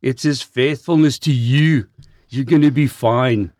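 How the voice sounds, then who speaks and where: A man's voice: medium pitch, fairly even intonation, a little slow, darkish tone, no echo, studio quality, voice pushed up, natural voice. A man voicing his Irish pastor friend, speaking with an Irish accent in an emphatic, comforting way. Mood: reassuring.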